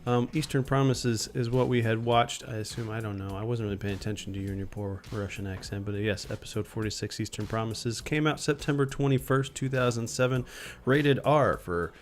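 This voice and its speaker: A man's voice: medium pitch, a little fast, few pauses. Male podcast host, methodical and dry, casual banter. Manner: methodical, reads facts from notes, dry jokes. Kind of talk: casual chat.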